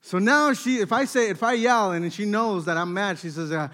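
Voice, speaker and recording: A man in his thirties preaching a sermon, telling family stories with lively acted-out dialogue. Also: high-pitched, fairly quick. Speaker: pastor.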